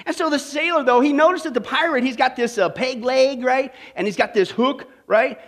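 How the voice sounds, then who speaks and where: A man preaching a sermon, joking with the congregation by name and slowing down to stress key points. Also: extremely high pitch, a bit bright. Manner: emphatic, slows on key points. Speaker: pastor.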